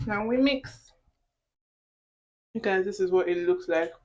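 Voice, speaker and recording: Nigerian woman chatting thru a cooking video in her kitchen, mid-pitched, bit of hiss behind. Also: measured pace, a little mellow, muffled recording. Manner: chatty, talks while cooking, asides to viewers. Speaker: cooking vlogger. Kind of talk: casual cooking tutorial. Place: home kitchen.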